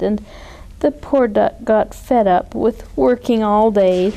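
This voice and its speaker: In a mellow, soft-edged mid-range voice, a woman slowly reads aloud from a children's picture book, lingering over every line. She sounds like a children's librarian presenting a beloved story, gentle and expressive throughout.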